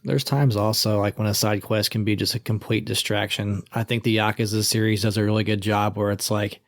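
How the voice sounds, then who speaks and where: A man chatting casually as a podcast co-host, retelling scenes with lively swearing. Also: lowish voice, fairly quick, dry recording, clean studio sound. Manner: animated storytelling, acts out quoted characters, swears casually. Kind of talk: casual chat.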